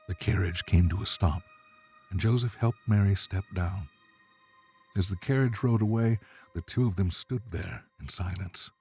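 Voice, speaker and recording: Very deep-voiced male storyteller. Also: warm tone. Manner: measured, dramatic. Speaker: narrator. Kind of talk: scripted storybook narration.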